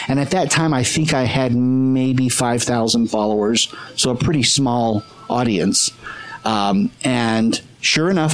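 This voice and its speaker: A man's voice: medium pitch, low-quality recording. A middle-aged man, a street portrait photographer, earnestly telling stories in a podcast chat and acting out the voices of the people he quotes. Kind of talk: conversational storytelling.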